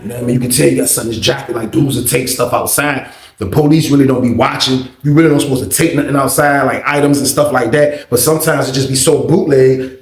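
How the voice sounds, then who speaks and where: A man telling a prison story in a casual, animated, profane way, full of acted-out quotes. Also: mid-range voice. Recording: echoey room.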